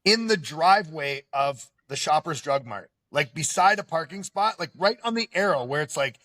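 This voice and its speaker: A man hosting a podcast in casual, animated chat, often stopping to add "okay?" to drive his point home. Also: on the high side, normal speed. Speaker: podcast host.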